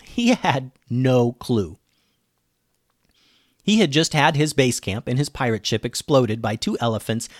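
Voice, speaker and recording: A male podcast host reads a children's story aloud in a playful, animated way. His voice sits at a middle pitch, and the recording is dry and close. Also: no echo. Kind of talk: storytelling narration.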